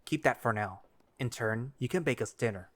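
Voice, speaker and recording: A man's voice: mid-range voice, moderate pace, dry recording, natural voice. A man voicing a terse black wolf butcher. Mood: calm. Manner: terse, reluctant, clipped replies.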